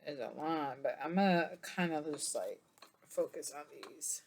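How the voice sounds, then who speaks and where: A woman's voice: sits low, normal speed, darkish tone, slight background noise. A tired woman giving a casual tarot reading to camera, chatty and meandering, with many fillers and yawns. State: tired, yawning. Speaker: tarot reader.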